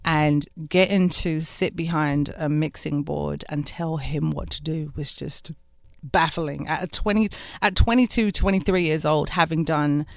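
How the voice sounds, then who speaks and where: Woman, thirties, singer as interview guest, lively storyteller, gravelly, dry close mic. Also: deep voice, unhurried, no echo. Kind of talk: casual radio interview. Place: radio studio.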